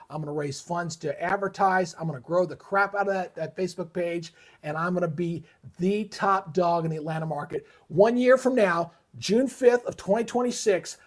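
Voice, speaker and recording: A man's voice: high-pitched, a little mellow. A middle-aged man hosting a live weather stream, heated and ranting, swearing often in casual commentary. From Georgia, USA. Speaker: weather livestream host.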